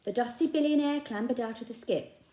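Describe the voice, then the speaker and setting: A woman's voice: on the high side, brisk. A woman reading a children's novel aloud, telling it with expression. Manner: expressive storytelling. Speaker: reader. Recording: echoey room.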